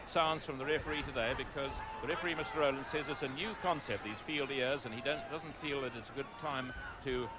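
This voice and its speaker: A middle-aged man giving live rugby play-by-play commentary, calm for background facts and rising to excited calls at big moments. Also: medium pitch, fairly quick, few pauses, heavy background noise.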